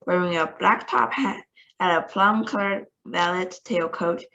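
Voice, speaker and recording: A woman's voice: lowish voice, a little slow, creaky, bright, forceful tone, lo-fi sound, heavily acted. A woman reading aloud, voicing a brash, cheeky male astronaut. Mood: reporting. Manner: brash, sassy.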